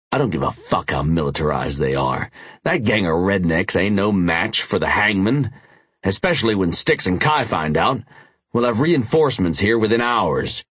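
A man reading first-person audiobook narration in a gritty, profane, intense manner, with a husky voice. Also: low voice, lively intonation, normal speed, fairly bright tone, no echo.

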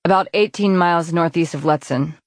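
A calm, steady grown man who teases softly, as a woman narrator plays him in her own low voice. The sound is dry and close. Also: fairly quick, no room sound, close to an everyday voice.

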